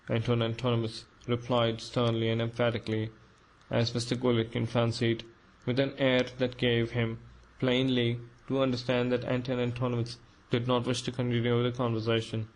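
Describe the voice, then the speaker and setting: Man, audiobook narration, measured, even, monotone. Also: mid-range voice, rough recording.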